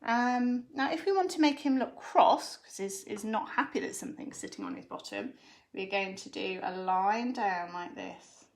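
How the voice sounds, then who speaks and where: A woman's voice: mid-range voice, very animated, normal speed. A woman giving a live drawing lesson for children from home, explaining each step patiently. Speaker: drawing teacher.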